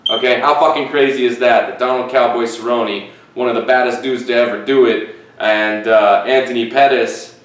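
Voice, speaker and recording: A man's voice: medium pitch, heavy reverb, distant mic, rough recording. A man hosting a casual solo podcast in his living room. He rambles, swears freely and corrects himself as he goes. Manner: profane, rambling, self-correcting. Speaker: podcast host. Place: living room with fish tank and fan. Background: fish tank, fan, dogs outside.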